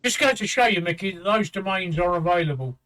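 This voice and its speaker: A man's voice: sits high, expressive, fast talker, bright, forceful tone, a little hiss or hum. A man hosting a live stream, talking in blunt, boastful, casual chat and swearing freely. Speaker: stream host.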